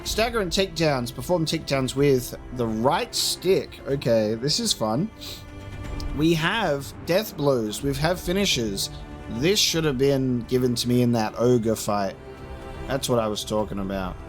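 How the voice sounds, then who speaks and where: A man talks through his gameplay in a loose, rambling way, thinking out loud and circling back with fillers. His voice sits at an ordinary middle pitch, with faint game music underneath. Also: animated, a little slow. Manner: chatty, rambling, musing aloud with fillers. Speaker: gameplay commentator. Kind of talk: casual let's play commentary.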